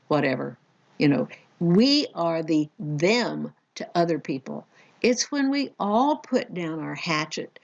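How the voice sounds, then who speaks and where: A woman teaching a recorded college psychology lecture in a conversational, animated way. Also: on the low side, gravelly, lo-fi sound. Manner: conversational, animated, acts out examples.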